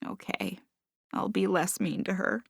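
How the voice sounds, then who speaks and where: A woman's voice: mid-range voice, very animated, measured pace, creaky, slightly rough, no echo, studio quality, heavily acted. A woman voicing a weepy little black cat. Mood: worried. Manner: dramatic, sobbing and wailing. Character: emotional small female black cat.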